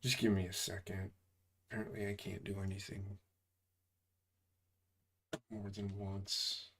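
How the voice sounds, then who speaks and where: A low-pitched, slightly slow voice belongs to an army veteran in his forties sharing service stories in casual conversation. He swears a lot and rambles, growing animated as the tales unfold.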